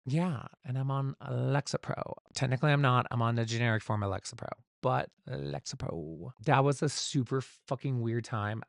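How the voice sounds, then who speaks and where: A man's voice: mid-range voice, vocal fry, no echo, studio quality. A man hosting his own solo podcast, chatting without a script in a rambling, candid way and swearing casually, recorded at home. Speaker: podcast host. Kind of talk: unscripted solo podcast chat.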